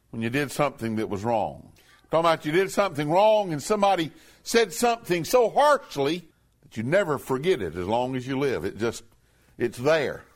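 Lively, high-voiced male preacher. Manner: emphatic, reads scripture in a slow raised voice. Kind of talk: sermon.

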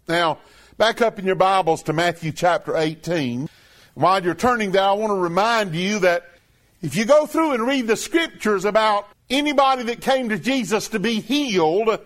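High-voiced emphatic male preacher. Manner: emphatic, repeating phrases with rising and falling pitch. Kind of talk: sermon.

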